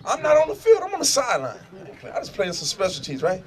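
A middle-aged man, preaching and telling stories loudly to a prison crowd, shouting and laughing in street slang. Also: very high voice, very animated, fairly quick, few pauses. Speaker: motivational speaker. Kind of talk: animated preaching and storytelling. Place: prison gathering space.

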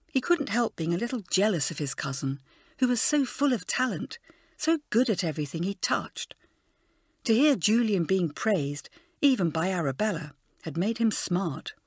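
A woman narrating a children's storybook in an expressive, animated way. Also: mid-range voice, slightly rough, dry recording, clean studio sound. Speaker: audiobook narrator.

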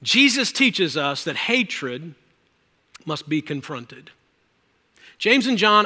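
A male pastor preaching a sermon, swinging between loud, emphatic lines and hushed ones. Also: a little high, very animated, takes it slowly, long pauses. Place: church sanctuary. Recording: reverberant church hall.

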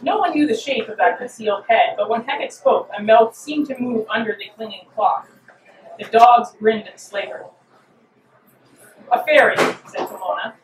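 A woman's voice: a little high, normal speed, distant mic, a little hiss or hum. Woman reading fiction aloud in an echoey hall. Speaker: author. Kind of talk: reading her fiction aloud at a live event. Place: reading venue. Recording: roomy hall, mic from afar.

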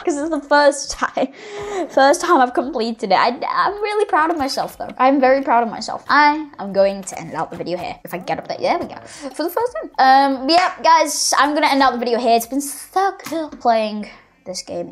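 A gaming video host giving excitable let's-play commentary, full of gasps and squeals, into a desktop microphone. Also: sits high, moderate pace, slight background noise.

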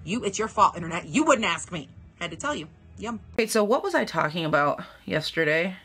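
Bright-voiced chatty young woman vlogger. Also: fairly low pitch, very animated, normal speed. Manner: chatty, giggly, self-mocking, talks to viewers directly. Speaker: beauty vlogger. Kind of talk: casual get-ready-with-me chat.

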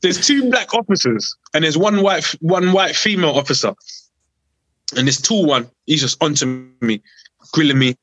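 A young man from South East London, with a London accent, guests on a podcast and tells a story casually in a slightly high-pitched voice at a moderate pace. He's animated, acting out the other people's voices, and the recording is rough with no echo.

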